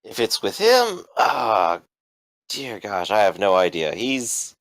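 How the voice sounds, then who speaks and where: A man's voice: mid-range voice, sing-song, unhurried, fairly bright tone, dry recording, poor audio. A man doing a nervous, cocky young thug.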